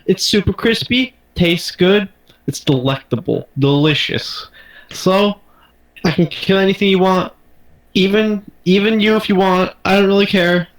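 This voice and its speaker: A young man pitches himself in a joking improv game with flat, repetitive rambling. His voice is a touch high, and the room adds a noticeable echo. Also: measured pace. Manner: deadpan, rambling, repeats himself. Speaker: player in an improv party game.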